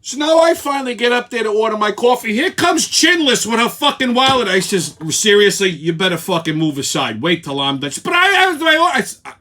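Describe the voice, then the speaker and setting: A man's voice: extremely high pitch, pushed and bright. A man hosting his weekly show, telling an angry, profane story. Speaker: show host. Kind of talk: ranting weekly commentary.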